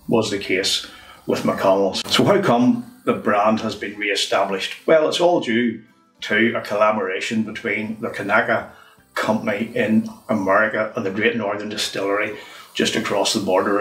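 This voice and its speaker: A man talks through a whisky tasting in a relaxed, chatty way. His voice sits fairly low. The recording sounds roomy and distant, with faint music underneath. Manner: chatty, unhurried, says "wee" often. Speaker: whisky reviewer. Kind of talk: casual review monologue.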